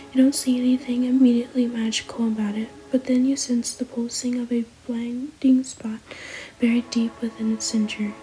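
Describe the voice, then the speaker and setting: A woman narrating an interactive story in a soft, hushed, second-person whispered role-play. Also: on the high side, poor audio.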